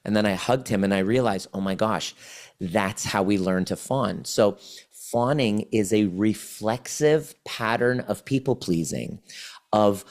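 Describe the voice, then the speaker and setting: Low-voiced man explaining earnestly. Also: unhurried, a little mellow. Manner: earnest explaining, restarts phrases often. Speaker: podcast guest, trauma healing coach. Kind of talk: conversational podcast interview.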